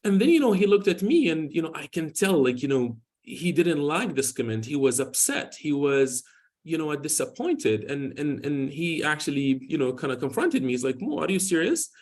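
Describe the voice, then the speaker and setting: A dermatologist in his forties, his voice slightly high with a darkish tone, gives a hospital lecture on skin medicine at a moderate pace. He's animated but rambling, circling back with "you know" and restarting sentences. His patient stories come across easygoing and informal.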